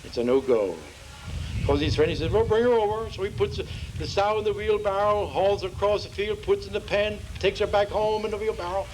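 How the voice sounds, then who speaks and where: A man's voice: a little fast, darkish tone, slight background noise, low-quality recording. Homespun male joke teller. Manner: homespun storyteller, acts out dialogue with shifting pitch. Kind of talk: folksy joke telling to a live audience. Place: outdoor festival.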